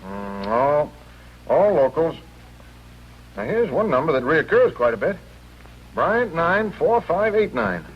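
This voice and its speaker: Wisecracking hotel clerk. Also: male voice, on the high side, very animated, slightly rough, full character voice. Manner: brisk, wisecracking. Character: cynical male hotel clerk, brisk, wisecracking. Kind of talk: 1950s radio drama acting. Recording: dull lo-fi old radio recording.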